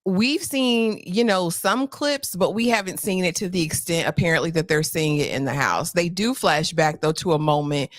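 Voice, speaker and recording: A lower-voiced woman talks close to a dry mic, hosting a casual recap of a reality show. She tells it in a slangy, animated way. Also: moderate pace, hardly any pauses, no room sound. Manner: animated, chatty, slangy storytelling. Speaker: host.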